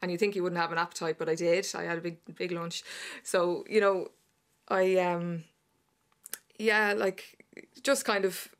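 A young Irish woman speaking as an interview guest, halting, with many fillers and restarts. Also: fairly low pitch, flat delivery. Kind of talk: emotional interview conversation.

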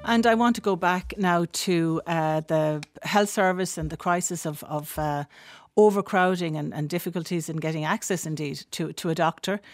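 A woman presenting a radio phone-in. She chats with callers in an encouraging way and keeps things moving with quick asides. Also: lowish voice, no echo, clean studio sound, soft background music.

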